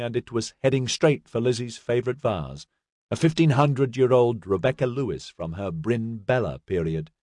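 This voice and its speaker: Male audiobook narrator, low voice, lively dramatic reading, dry close sound. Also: no room sound. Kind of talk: scripted narration.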